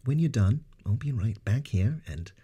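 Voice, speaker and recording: Brief: man voicing a cheerful sci-fi doctor, high and lively, audiobook. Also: normal speed, husky. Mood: warm. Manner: gentle, warm, good-natured. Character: upbeat male doctor with a good-natured accent.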